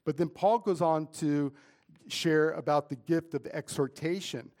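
A man's voice: fairly high pitch, unhurried, darkish tone. A middle-aged man preaching a sermon in a casual, conversational way, often saying "man" and "right?". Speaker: pastor.

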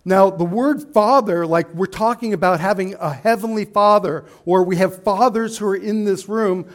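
A man preaching a sermon to a congregation, building to emphatic outbursts and slowing for weight. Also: sits high. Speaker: pastor. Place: church hall with a slide screen.

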